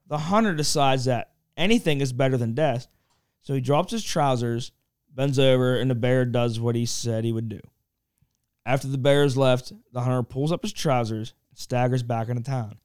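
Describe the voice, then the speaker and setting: A man's voice: medium pitch, normal speed, darkish tone, clear, resonant tone, dry recording, studio quality. A man co-hosting a podcast, reading crude jokes aloud in a loose, swearing, casual way. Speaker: podcast co-host.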